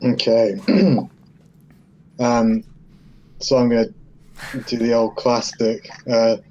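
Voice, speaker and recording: A man's voice: medium pitch, level tone, slow, a little mellow, a little hiss or hum. Matter-of-fact man on a dull mic. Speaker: player. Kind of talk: casual tabletop play.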